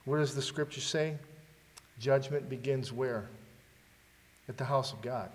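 Male preacher, mid pitch, sermon delivery with questions to the room, long hall reverb. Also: a little slow. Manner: rhetorical questions to the congregation, dramatic readings.

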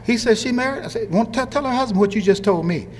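A man preaching an animated sermon, swinging from low quiet asides to high shouted lines and acting out quoted voices. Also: fast, noisy background. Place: church. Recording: long hall reverb.

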